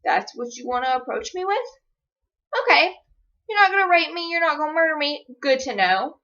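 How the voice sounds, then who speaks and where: A woman's voice: high voice, animated, brisk, fairly bright tone. A young woman, chatting sarcastically as she tells stories to the camera. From Georgia, USA. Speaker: vlogger. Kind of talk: casual chat. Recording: dull lo-fi recording.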